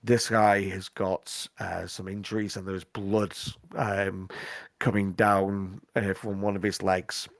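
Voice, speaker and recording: A man narrating as game master, hesitant and full of pauses. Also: deep voice, level tone, creaky, dry recording, studio quality. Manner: hesitant, full of ums and restarts.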